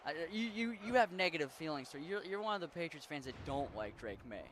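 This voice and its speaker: Young dude from western maryland, pittsburgh-ish country accent, rambly swearing game chat, kinda high voice. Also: male voice, sing-song, quick pace, noisy background. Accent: western Maryland, Pittsburgh-Appalachian mix. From western Maryland, USA. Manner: rambling, chatty, swears casually. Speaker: streamer. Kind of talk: casual chat while gaming.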